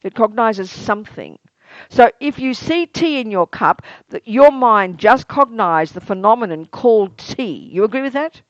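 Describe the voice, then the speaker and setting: A lively, expressive woman gives a spiritual teaching talk as a meditation teacher, her pitch swinging up and down as she keeps checking in with rhetorical questions. She acts out little everyday exclamations to illustrate ideas. The recording is dull and lo-fi, with a close, dry sound. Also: moderate pace, no echo. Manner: animated, asks listeners many rhetorical questions.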